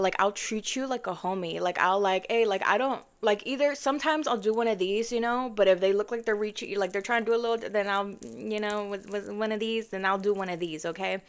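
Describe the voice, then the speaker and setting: A young woman tells a story to her viewers in a loose, chatty way, full of fillers and side remarks. She acts out what everyone said without changing her voice much, and her pitch sits in an ordinary middle range. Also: a little fast. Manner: acts out quoted lines in her own voice. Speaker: car content creator telling a story. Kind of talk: casual storytime.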